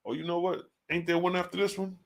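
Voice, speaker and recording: A man's voice: high-pitched, flat delivery, fast, gravelly. A man giving a casual, slang-filled livestream commentary on scripture, asking rhetorical questions and reading passages aloud. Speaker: online religious teacher.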